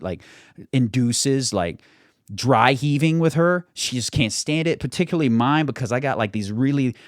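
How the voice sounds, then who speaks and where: A man's voice: mid-range voice, dry recording. A young American man with only a faint regional accent, hosting his channel in a chatty, self-deprecating way from his studio. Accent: mild general American, little regional trace. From United States. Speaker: YouTube channel host. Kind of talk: casual vlog monologue. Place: home studio.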